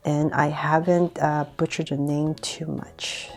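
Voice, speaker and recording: A woman's voice: low voice, level tone, takes it slowly. A woman hosting a casual drawing tutorial, chatty and giggly, often saying um and poking fun at herself. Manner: chatty, giggly, self-deprecating, many ums.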